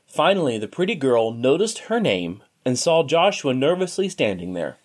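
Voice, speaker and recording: A man narrating a story in an expressive, steady reading voice. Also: mid-range voice, normal speed.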